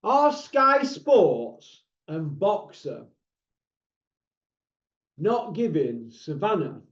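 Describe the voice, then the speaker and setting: A man's voice: mid-range voice, a little mellow. A man hosting a boxing talk channel, blunt and mocking, asking rhetorical questions in a casual monologue. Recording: echoey room, dull lo-fi sound.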